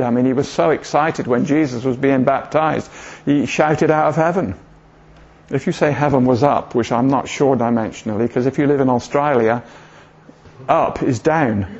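A man's voice: mid-range voice, darkish tone. A man preaching an informal sermon in a church, chatty and jokey, often asking the congregation questions. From southern England. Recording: dull lo-fi church recording.

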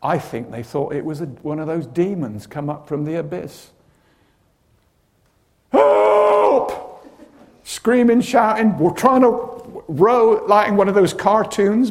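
A man's voice: high-pitched, normal speed. A man preaching a sermon, telling stories with dramatic flair and humorous asides. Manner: animated storytelling with humorous asides.

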